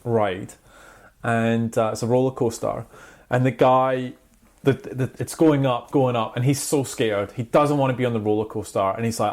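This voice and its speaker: A man hosting a laid-back music podcast, with a voice of middle pitch. He tells stories with animation and slips into acted-out quotes. He talks easily and casually. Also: moderate pace. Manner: animated storyteller, acts out quotes. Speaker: podcast host.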